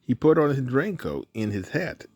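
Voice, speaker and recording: A man's voice: mid-range voice, very animated, moderate pace, a little mellow, no echo. A man reading a children's picture book aloud as the channel's reader, with a sing-song storytelling manner.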